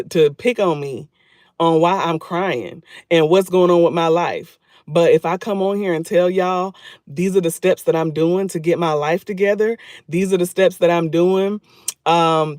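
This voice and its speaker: A man's voice: sits high, no room sound, studio quality. A man talking casually to his viewers on a livestream, repeating phrases for emphasis. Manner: chatty, talks straight to viewers. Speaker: YouTube livestreamer.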